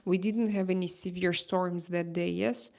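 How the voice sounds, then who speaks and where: A woman with a Russian accent hosting a casual livestream chat, reading out viewer comments in a halting way with many fillers and restarts. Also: fairly low pitch, steady tone, gravelly, a crowd in the background. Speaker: livestream host.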